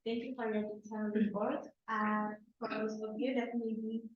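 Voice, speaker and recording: Lady running a zoom club meeting, kinda high voice, far off in a boomy room, muffled. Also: little pitch movement, moderate pace. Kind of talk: chairing an online club meeting. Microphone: video call. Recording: distant, echoey, muffled call audio.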